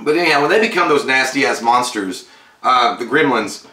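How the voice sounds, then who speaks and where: A man co-hosting a casual movie review, swearing freely and acting out scenes in loud put-on voices. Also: medium pitch, expressive, normal speed, reverberant, a little hiss or hum. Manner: profane, bursts into shouted voices. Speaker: co-host.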